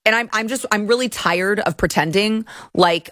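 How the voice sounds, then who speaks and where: A woman from Texas hosts a commentary livestream in a steady mid-range voice. She rants with indignation, tripping over restarts. The sound is close and dry. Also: mid-range voice, normal speed, no room sound. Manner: indignant ranting with many restarts. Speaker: political commentary host.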